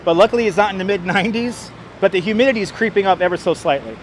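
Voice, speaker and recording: This man is a livestream host on a casual outdoor walk down a city street, sarcastic and talkative, greeting viewers by name via a wireless clip-on mic. His high voice races along, and the rough recording has a little hiss or hum.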